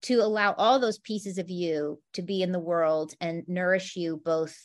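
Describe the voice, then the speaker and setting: A woman's voice: on the low side, measured pace. A woman hosting a conversation, reflecting back to her guest in an encouraging, thoughtful way. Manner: encouraging, reflective, many "like" fillers. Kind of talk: supportive conversational chat.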